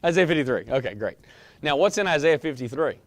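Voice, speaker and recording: A man's voice: fairly high pitch, expressive, fast, no room sound. A man teaching a Bible class in a conversational way, often quizzing his students.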